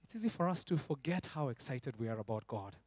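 A man, preaching a sermon and swinging between loud shouts and soft, close tones. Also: medium pitch, expressive, quick pace, breathy edge, no echo. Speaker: pastor.

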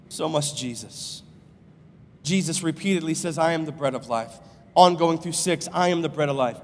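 A male pastor preaching a sermon in a casual, slangy way, moving between quiet asides and loud proclamation. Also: high-pitched. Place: large church sanctuary. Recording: long hall reverb.

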